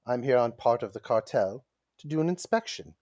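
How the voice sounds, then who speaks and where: A man's voice: mid-range voice, lively intonation, brisk, a little mellow, dry recording, clean studio sound. A man playing a tabletop game and speaking in character, brash and swearing. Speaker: player.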